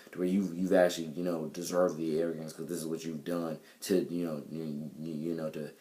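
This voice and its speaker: A man's voice: rumbling low, flat delivery, a little fast, dark tone. A young man talking to camera in a casual video diary about his music, rambling with many fillers and restarts. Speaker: vlogger and musician. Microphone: camera mic.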